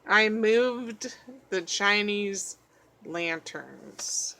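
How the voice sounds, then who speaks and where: A woman's voice: mid-range voice, extremely slow, pushed and bright, a little hiss or hum. A woman vlogger chatting casually through a journal flip-through, rambling as she tells stories and swearing now and then. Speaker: craft vlogger.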